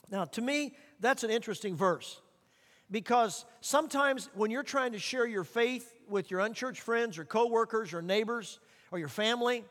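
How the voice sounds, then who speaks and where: A man preaching a sermon as pastor, earnest, slowing down to read scripture and repeating words for emphasis. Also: high voice, a bit bright. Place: church sanctuary. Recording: long reverb of a church hall.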